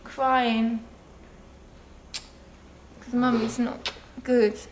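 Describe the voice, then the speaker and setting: A woman crying through emotional candid chat at home, speaking softly to her children. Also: a little high, level tone, very slow. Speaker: reality show star. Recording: noisy home recording.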